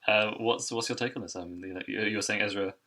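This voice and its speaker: A man's voice: lowish voice, fairly even intonation, fast talker, bright, forceful tone, rough recording. A man co-hosting a podcast, turning to a friend with a question in casual chat.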